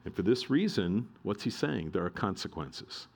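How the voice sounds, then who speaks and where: A man's voice: fairly low pitch, very animated, normal speed, vocal fry, husky. A middle-aged male pastor preaching a sermon, earnest and emphatic, repeating key phrases.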